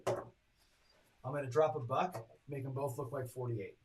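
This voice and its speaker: Guy streaming craps, calling rolls and doing the math out loud, noisy background with clicks. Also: mid-range voice, steady tone, moderate pace. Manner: chatty, reads dice rolls and tallies bets aloud; talks to chat viewers directly. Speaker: craps strategy host. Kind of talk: casual live-stream commentary.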